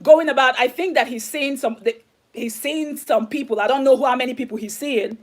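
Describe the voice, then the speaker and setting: A woman's voice: high voice, moderate pace. A young woman vlogger telling a personal story with emotion, emphatic and repeating herself, acting out the dialogue she quotes.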